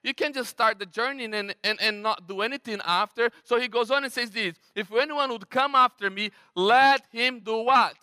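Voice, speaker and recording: Brazilian-accented male pastor, high, crisp voice, chatty animated sermon, long hall reverb. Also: moderate pace, few pauses. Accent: Brazilian Portuguese. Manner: conversational, animated preaching with frequent restarts.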